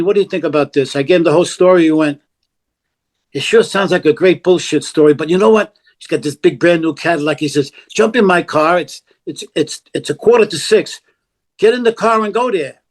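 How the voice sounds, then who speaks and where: An older man, telling a story as a podcast guest, animated and blunt, acting out the dialogue of the people in it. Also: high voice, brisk. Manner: animated, acts out quoted dialogue, blunt and profane. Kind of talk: casual storytelling.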